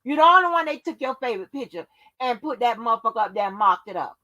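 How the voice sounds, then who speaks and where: High, lively woman ranting angrily. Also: fast talker, lo-fi sound. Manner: profane, confrontational, scolding. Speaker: channel host. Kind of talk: angry rant to viewers.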